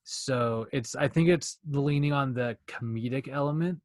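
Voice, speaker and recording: A young man co-hosting a podcast in casual chat, talking fast and rambling, with plenty of swearing. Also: mid-range voice, dry recording, clean studio sound. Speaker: podcast co-host.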